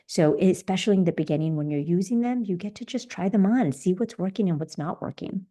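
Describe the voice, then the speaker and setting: A woman's voice: on the low side, animated, fairly quick, warm tone. A middle-aged woman hosting a solo podcast as a leadership coach, talking earnestly and encouragingly with everyday examples.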